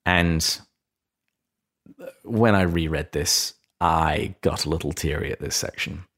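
A man's voice: extremely low pitch, slow pace. A man hosting a casual book discussion podcast, earnestly retelling scenes and reading passages aloud. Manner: earnest, reads quotes with gentle emphasis. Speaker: podcast host.

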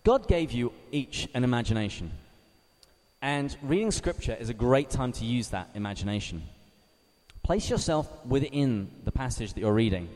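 A man from England, giving a measured teaching talk to a live group, reading scripture slowly and asking his listeners questions. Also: mid-range voice, animated, a little mellow. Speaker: Bible study speaker. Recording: reverberant hall.

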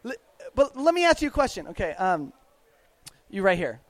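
A man's voice: high voice, very animated, moderate pace, dry recording, rough recording. A man, a youth minister, giving a casual, chatty faith talk, laughing often and putting questions to the audience.

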